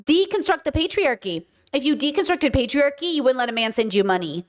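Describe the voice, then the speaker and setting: High-voiced woman streamer, opinionated. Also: expressive, fairly quick. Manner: opinionated, joking asides, many "like" and "okay". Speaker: streamer and commentator. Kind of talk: casual commentary stream.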